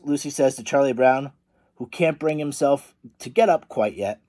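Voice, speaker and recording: A man, a teacher, reading a picture book aloud to children in a friendly, animated way. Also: mid-range voice, normal speed. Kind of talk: storybook read-aloud for children.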